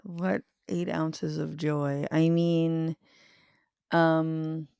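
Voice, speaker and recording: Gravelly low-voiced woman comedian. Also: extremely slow, no room sound, clean studio sound. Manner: animated storytelling, swears freely, acts out quotes. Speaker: comedian and journalist guest. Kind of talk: casual podcast chat.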